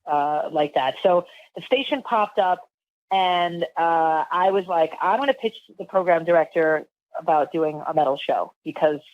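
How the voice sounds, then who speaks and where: A woman's voice: on the low side, no echo. Rambling woman telling stories, dry and dull. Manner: rambling, lots of fillers and restarts. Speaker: radio host and guest. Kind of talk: casual interview storytelling.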